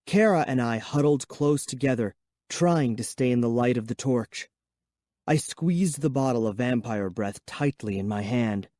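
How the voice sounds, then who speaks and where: A man narrating a children's horror audiobook in first person with a measured, suspenseful reading. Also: mid-range voice, darkish tone, dry recording, clean studio sound.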